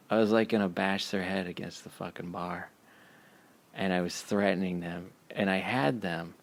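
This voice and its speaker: A man telling a casual, profane story, laughing as he goes in an animated way. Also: deep voice, normal speed, creaky.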